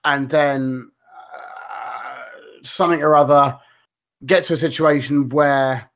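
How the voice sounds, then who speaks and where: A man chatting loosely on a podcast. He rambles, backtracks and swears freely, filling gaps with ums and uhs. His voice sits at an ordinary middle pitch. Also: steady tone, slow pace, vocal fry, fairly bright tone. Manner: rambling, swears freely, many fillers and restarts. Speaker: podcast co-host. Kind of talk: casual podcast chat.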